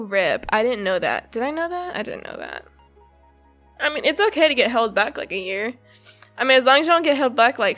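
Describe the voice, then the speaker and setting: A high-voiced woman reads a comic aloud in a slow, unhurried way, breaking off to gush and giggle about the characters. Her voice is bright and bounces all over the place, and she rambles happily with plenty of fillers. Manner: bubbly, giggly and gushing. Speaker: YouTuber reading a comic. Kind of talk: comic reading with casual reactions.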